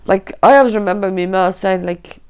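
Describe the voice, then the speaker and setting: This interviewee, a middle-aged woman from Dublin, Ireland, with a Dublin accent, survived a fire and tells her story vividly, mimicking others' voices and often tossing in "right?". Her mid-range voice is a little fast and a little mellow, with a clear, resonant tone.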